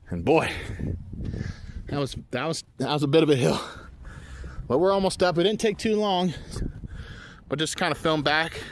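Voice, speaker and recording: A man with a slightly high voice speaks at a moderate pace, pausing often, recorded on a handheld phone with a little hiss or hum. Vlogging outdoors while climbing a steep hill, he's out of breath, rambling, making fun of himself, and trailing off into restarts.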